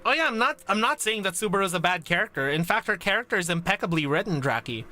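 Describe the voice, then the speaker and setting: A man's voice: high-pitched, expressive, fast, pushed and bright, soft background music. Gushing, stammering male streamer. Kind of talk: live game story reaction.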